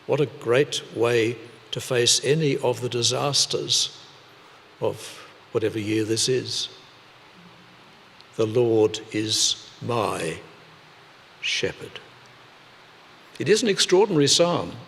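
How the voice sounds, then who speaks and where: A man delivering a sermon at an unhurried, measured pace, leaning on pauses and repeated phrases. His voice sits at an ordinary pitch and rings with a long church reverb. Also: expressive, gravelly, a bit bright, slight background noise. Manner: slow, deliberate delivery with pauses and repetition. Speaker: preacher.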